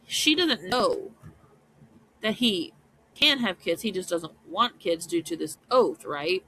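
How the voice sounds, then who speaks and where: A woman's voice: lowish voice, lively intonation, slow pace, bright, forceful tone, a little hiss or hum, low-quality recording. A woman podcast host recapping a story in casual commentary, chatty and often checking in with "right?".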